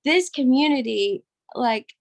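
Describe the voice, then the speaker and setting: A woman's voice: sits high, expressive, takes it slowly, gravelly, dry recording. A young woman telling an emotional, rambling testimonial on a group call, close to tears. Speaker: caller sharing a testimonial.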